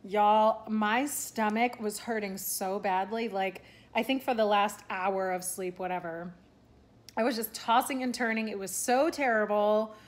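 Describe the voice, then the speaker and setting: Chatty rambling young woman vlogging. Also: medium pitch. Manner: rambling, chatty, many fillers and restarts. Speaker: vlogger and aspiring content creator. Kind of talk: casual talking-head vlog.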